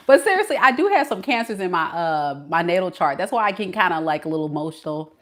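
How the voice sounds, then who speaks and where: A woman's voice: on the low side, animated, fast, few pauses. A woman tarot reader hosting a casual live stream. She chats playfully with her viewers, greets them, and laughs often.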